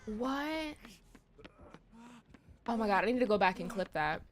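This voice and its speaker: A young adult woman streaming a game, chatting casually with her viewers in animated, profane, slangy banter. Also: medium pitch, unhurried. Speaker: gaming streamer. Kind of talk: casual livestream chat while gaming.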